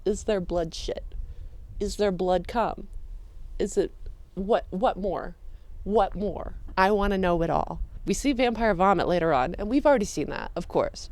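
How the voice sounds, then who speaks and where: A woman chatting casually about her own drawings, excitable and crude, with sudden loud bursts. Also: medium pitch, no room sound. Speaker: video creator.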